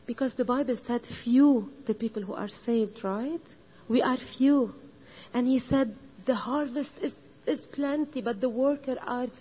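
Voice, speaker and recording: A church leader with a Lebanese accent gives a personal testimony sermon to women, speaking slow, deliberate English in a fairly high, husky voice. She's earnest, repeating phrases until they swell into passionate emphasis, on a dull, lo-fi recording.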